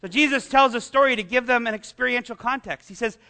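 A man's voice: extremely high pitch, fast talker, bright, forceful tone. A man preaching a sermon as pastor, asking the congregation rhetorical questions and making self-deprecating asides.

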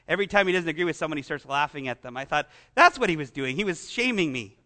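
A man's voice: on the high side, lively intonation, quick pace, sharp tone. A man preaching a sermon as pastor, asking the congregation rhetorical questions and making self-deprecating asides.

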